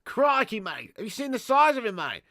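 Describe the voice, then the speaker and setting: A man's voice: very high voice, big pitch swings, normal speed, vocal fry, bright, forceful tone, no room sound, studio quality, voice pushed up, exaggerated voice. A man putting on a mock Australian accent as a cheery, matey bloke, calling everyone mate and bro. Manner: chummy, peppered with mate and bro.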